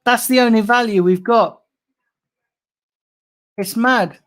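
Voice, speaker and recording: A man's voice: very high voice, slow pace, fairly bright tone. Angry, swearing man ranting. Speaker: fan channel host. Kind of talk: livestream rant reading chat.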